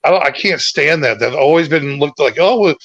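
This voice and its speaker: A co-host on a casual livestream chat tells stories in a rambling, hesitant way, restarting often. His voice is fairly high, fairly quick and fairly bright, picked up by a dry, dull lo-fi mic with no echo.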